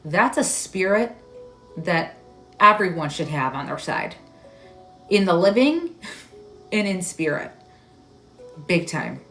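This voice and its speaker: A woman hosting a live stream as a psychic medium, giving readings in a halting, searching way full of "like"s and growing emotional. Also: fairly low pitch, sing-song, fairly bright tone, soft background music. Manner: halting, searching delivery with many "like"s; emotional, tearful at moments.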